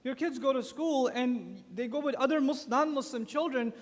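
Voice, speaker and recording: A man speaking at a youth conference, giving a religious lecture with animated storytelling and acted-out quotes. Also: very high-pitched, normal speed. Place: large conference hall. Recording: long echo of a large conference hall.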